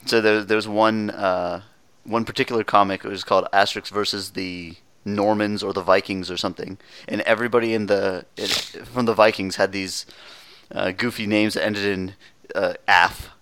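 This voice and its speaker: A man chatting casually about video games, relaxed and quick to laugh. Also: on the low side, clear, resonant tone.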